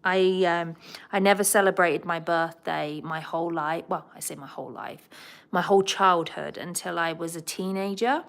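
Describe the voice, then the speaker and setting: A middle-aged southern English woman hosts a relaxed livestream and chats freely while she reads out and answers viewer comments. Her voice sits a little low for a woman. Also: moderate pace, vocal fry. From England. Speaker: host of a pet livestream. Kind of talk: casual livestream chat.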